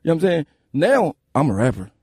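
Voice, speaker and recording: Husky fast-talking Philly rapper, a man. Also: fairly high pitch, no room sound, studio quality. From Philadelphia. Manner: animated, profane, keeps asking "you know what I'm saying". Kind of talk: casual interview storytelling.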